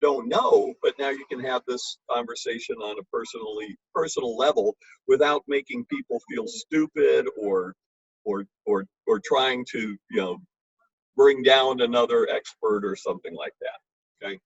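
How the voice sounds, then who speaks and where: Husky, emphatic male wine lecturer. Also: mid-range voice, lively intonation, moderate pace, dry recording. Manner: emphatic, blunt and chatty. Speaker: wine educator. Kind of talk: informal lecture. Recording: dull lo-fi recording.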